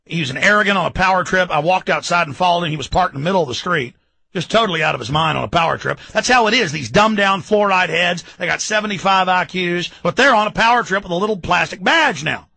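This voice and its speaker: A man in his thirties with a Texan accent, hosting a talk show and ranting about politics, loud and mocking, shouting at times. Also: high-pitched, animated, fast, creaky, no echo, low-quality recording. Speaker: radio talk show host. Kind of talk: fired-up political rant.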